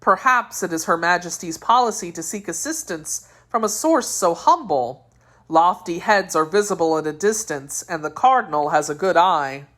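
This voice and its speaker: A woman reading aloud, voicing a quick-witted young male swordsman who speaks earnestly and takes charge. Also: lowish voice, animated, fairly bright tone.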